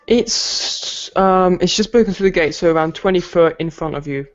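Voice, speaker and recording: A man running a tabletop game as game master, relaxed and hesitant with many fillers. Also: high voice, normal speed. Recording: dull lo-fi home recording.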